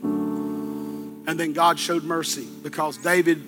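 A man's voice: a little high, fairly even intonation, takes it slowly, over loud music. A man preaching a sermon, retelling a story in a folksy, colloquial way with plenty of asides.

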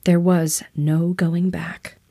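A woman narrating a fantasy audiobook in a steady, even storytelling voice. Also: on the low side, takes it slowly, dry recording.

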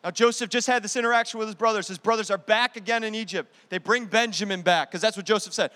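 Man, young adult, pastor's sermon, high voice, long hall reverb, loud to hushed swings. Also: fast talker, few pauses. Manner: animated, swings from loud preaching to hushed asides.

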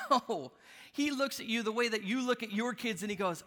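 A man preaching a sermon as a pastor, earnest and emphatic, often dropping to a hushed, tender tone. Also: high voice, moderate pace, big-room sound.

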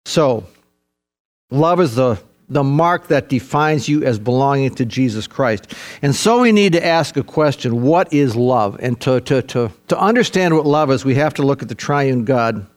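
A man's voice: mid-range voice, lively intonation, moderate pace. An older man preaching a sermon, earnest and emphatic, repeating key phrases and calling his listeners folks. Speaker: pastor.

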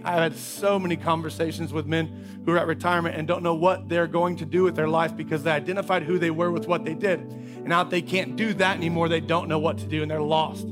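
Brief: high-pitched male pastor, energetic, chatty, repeats key questions. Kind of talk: sermon.

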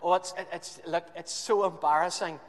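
A proud royal advisor stammers in flustered embarrassment, as a preacher acts him out. The voice sits high and rings in an echoey hall. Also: male voice, fairly even intonation, normal speed, lightly acted.

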